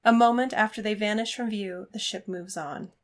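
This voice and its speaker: A woman reading a fan fiction story aloud as narrator, steady and expressive. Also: medium pitch, moderate pace.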